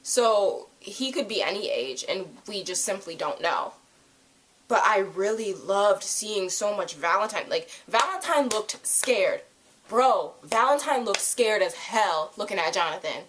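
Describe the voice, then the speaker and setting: A young woman reviewing a TV episode in a casual, rambling chat to camera, full of "like" and quick asides. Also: mid-range voice, a little hiss or hum. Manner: rambling, animated, lots of "like".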